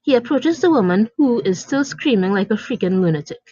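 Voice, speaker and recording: A woman's voice: on the high side, lively intonation, brisk, mellow, no echo. Woman narrating with indignant drama. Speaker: story narrator. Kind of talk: reading a story aloud. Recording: dry, dull lo-fi recording.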